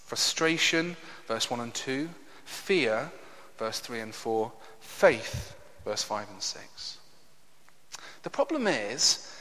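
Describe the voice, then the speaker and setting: Earnest male preacher with a lively voice. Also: on the high side. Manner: earnest, emphatic, asks the listeners rhetorical questions. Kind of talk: sermon. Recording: long reverb of a hall.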